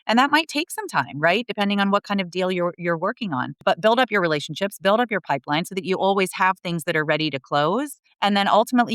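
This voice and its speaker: A woman's voice: fairly low pitch, fairly bright tone, no echo. A woman guest on a podcast, explaining sales in an earnest way, often restarting her sentences. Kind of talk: casual podcast conversation.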